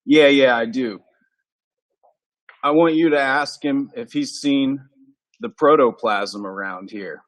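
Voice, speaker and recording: A man playing a tabletop game, speaking slowly in an unhurried, easygoing way. His voice sits at an ordinary middle pitch. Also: a bit bright. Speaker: player.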